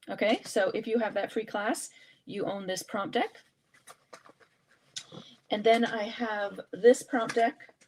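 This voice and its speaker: A woman leads a relaxed live art journaling session. She chats and thinks aloud as she pulls supplies and prompt cards. Her pitch sits in an ordinary middle range, and her delivery is casual and unscripted. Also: gravelly, a little hiss or hum. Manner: chatty, thinking aloud while working. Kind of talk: casual live craft demonstration.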